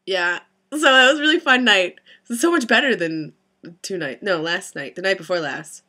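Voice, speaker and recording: A young woman telling a story in a casual vlog, giggly and excitable, rambling with many restarts. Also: mid-range voice, moderate pace. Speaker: vlogger.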